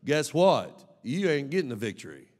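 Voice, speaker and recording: A man preaching an emphatic, animated sermon as a pastor, with bursts of shouting. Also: medium pitch, normal speed. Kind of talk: lively sermon. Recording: long reverb of a large hall.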